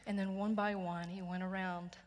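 A woman with a Texan accent preaching a sermon, telling stories earnestly and gently, sometimes dropping to a hushed voice. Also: on the low side, little pitch movement, moderate pace, in a large hall. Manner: gentle, earnest storytelling with soft hushed passages. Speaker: pastor. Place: church sanctuary.

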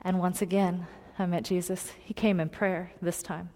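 A woman preaching a personal story in a sermon, earnest and confiding, moving between loud emphasis and hushed tones. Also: fairly low pitch, little pitch movement, moderate pace. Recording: long hall reverb.

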